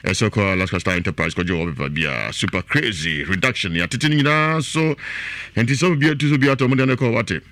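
A man with a Ghanaian accent reading a run of product adverts, hyped and repetitive, reading out phone numbers twice and swinging between loud calls and low mutters. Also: expressive, fast, no echo. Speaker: radio advert presenter. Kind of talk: fast advert announcing in mixed Twi and English.

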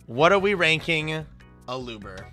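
A young man hosting a casual stream chat, excitable and quick to shout and swear when hyped. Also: fairly high pitch. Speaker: streamer host. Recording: game music in the background.

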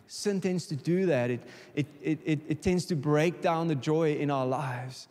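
A man's voice: on the high side, measured pace, few pauses, a little mellow. A South African man preaching a sermon to a congregation, impassioned and calling for responses, often repeating words as he builds. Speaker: guest preacher. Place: church hall. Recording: long reverb of a church hall.

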